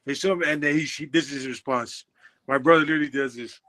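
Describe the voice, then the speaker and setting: Animated young man telling stories. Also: mid-range voice, quick pace. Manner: animated, acts out dialogue, laughs often. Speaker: podcast guest, former football player. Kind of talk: casual storytelling.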